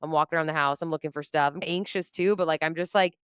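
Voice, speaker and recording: Smooth, low-pitched woman telling stories. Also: fast talker, no room sound, clean studio sound. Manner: animated, acts out her own quotes, laughs often. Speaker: podcast guest, comedian and entrepreneur. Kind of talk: casual storytelling chat.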